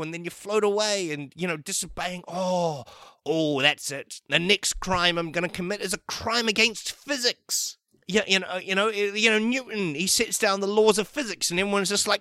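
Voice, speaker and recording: Rambling, excitable male podcast host, bright voice, dry close sound. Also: high voice, normal speed, no echo. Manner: excitable, rambling, many fillers and restarts. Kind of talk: rambling comic riff.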